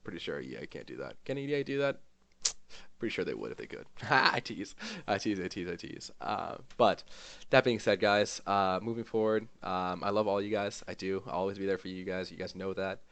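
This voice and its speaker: A man streamer giving an emotional, rambling farewell to his gaming community, with lots of fillers and pauses. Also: low-pitched, gravelly, a bit bright, clear, resonant tone, no room sound. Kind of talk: heartfelt farewell vlog.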